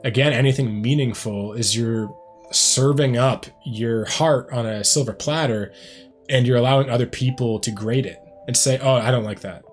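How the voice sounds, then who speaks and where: A man's voice: mid-range voice, moderate pace. A man hosting a music reaction video, talking in a rambling, reflective way, full of "like" and "um". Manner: rambling and reflective, heavy use of "like" and "um". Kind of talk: casual reaction commentary.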